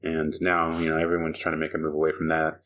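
A man's voice: very deep voice, monotone, fast talker, a bit bright. A man hosting a podcast in casual chat, rambling and laughing often. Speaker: podcast host.

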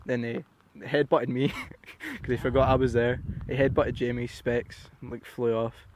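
Young man, podcast guest, animated sweary storyteller with a mid-range voice. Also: mid-range voice, a little slow, a little hiss or hum. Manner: animated, sweary, tags lines with "right?". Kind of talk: casual storytelling chat.

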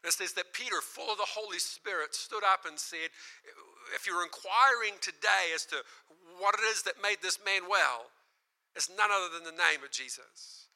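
A male preacher with a high, very bright voice tells his story with energy. He acts out the people he quotes and often breaks into laughter. His tone carries a sharp edge throughout. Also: normal speed, low-quality recording. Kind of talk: sermon storytelling.

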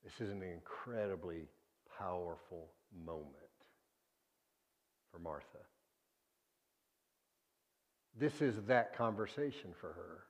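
A man preaching a sermon, earnest and deliberate, often sinking to a hushed low voice on key words. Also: animated.

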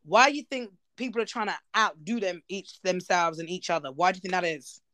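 A woman's voice: fairly low pitch, fairly quick, no echo. A woman hosting a podcast, chatting casually and teasing her guests with plenty of swearing. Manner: animated, profane, teasing. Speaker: podcast host. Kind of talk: casual chat.

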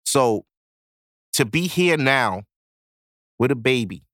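A man's voice: mid-range voice, lively intonation, takes it slowly, fairly bright tone, dry recording, studio quality. A young man hosting a podcast, giving blunt, profanity-laced advice in a casual monologue. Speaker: podcast host.

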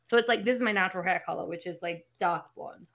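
Aussie woman in her 20s, bright voice, chatty and lively. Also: on the low side, quick pace. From Australia. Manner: chatty, animated storytelling. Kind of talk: casual chat.

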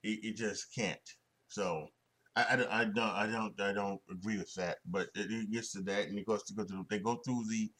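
A man's voice: fairly low pitch, steady tone, normal speed, fairly bright tone. A young man hosting a solo sports podcast, talking in a rambling way with many restarts and fillers and frequent chuckles. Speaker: podcast host.

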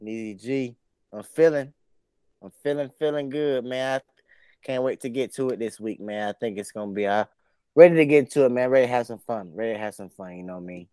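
A man's voice: mid-range voice, fairly quick, dark tone, clean tone, no room sound. A young man co-hosting a casual sports podcast, teasing and laid-back, repeating himself in slang. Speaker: podcast co-host.

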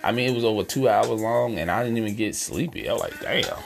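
Male podcast host, very low voice, easygoing slangy film chat, music bed underneath. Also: fast talker, vocal fry. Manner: laid-back, slangy, talks to listeners as y'all. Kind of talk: casual movie review chat.

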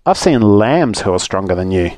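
A man's voice: lowish voice, sing-song, moderate pace, darkish tone, dry recording. A man voicing a rude, cheeky little girl in a storybook reading, with a bratty, defiant manner. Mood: mocking.

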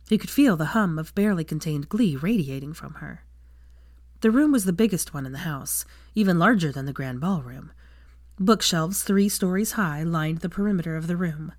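A woman reading fan fiction aloud as a steady storybook narration. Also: fairly low pitch, no room sound, studio quality.

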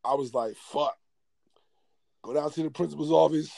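A man telling a stand-up story, animated and profane, getting loud and laughing as he talks. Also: fairly high pitch, moderate pace, creaky, no room sound. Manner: gets loud and excitable, often laughing mid-sentence. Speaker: comedian.

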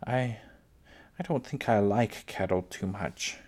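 A man's voice: high-pitched, wildly swooping pitch, measured pace, creaky, husky, pitched above the performer's own voice, heavily acted. A man reading aloud, voicing a small pioneer girl who pleads breathlessly and timidly.

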